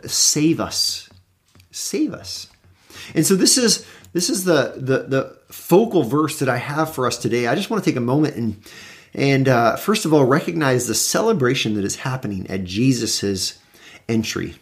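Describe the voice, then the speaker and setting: A man who is a pastor, giving a conversational Bible teaching in a relaxed, explanatory way, with frequent fillers and restarts. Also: mid-range voice, normal speed. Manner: reads scripture aloud with rising emphasis.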